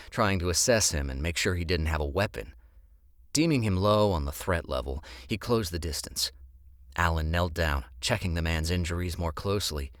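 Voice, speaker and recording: A man narrating an audiobook in an expressive storytelling manner. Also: sits low, no echo, studio quality.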